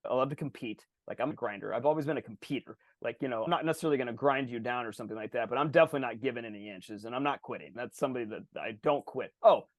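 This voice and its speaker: Brief: male podcast co-host, rapid-fire, loose and profane, acts out voices, dry close mic. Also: mid-range voice, dry recording. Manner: animated, swears freely, acts out players' voices. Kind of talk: casual podcast chat.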